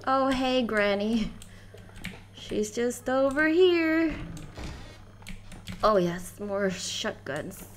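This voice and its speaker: Excitable woman game streamer, high voice, unhurried delivery, giggly live commentary. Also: a little hiss or hum. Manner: excitable, giggly, yelps when startled. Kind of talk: live gameplay commentary, chatting with viewers.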